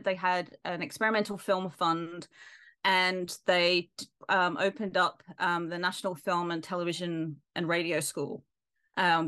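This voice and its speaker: A woman with an Australian accent talks in a relaxed interview, her voice sitting a little low. She sounds thoughtful, feeling her way through ideas and pausing to find the right words, like a lecturer speaking off the cuff. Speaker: film lecturer. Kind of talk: casual interview talk.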